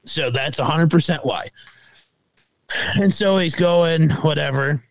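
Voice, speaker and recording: A man's voice: fairly high pitch, slow pace, creaky, dry recording. A man telling a long story in casual podcast chat, swearing freely and acting out what others said. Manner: animated, profane, acts out other people's lines. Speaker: podcast co-host.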